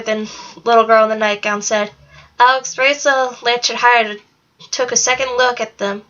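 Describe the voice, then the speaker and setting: A woman with a fairly high voice reads a children's fantasy novel aloud. Her delivery is steady and plain, with the occasional small slip. The recording is dull and lo-fi. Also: moderate pace. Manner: steady, plain storytelling read with small slips. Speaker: narrator. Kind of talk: read-aloud book narration.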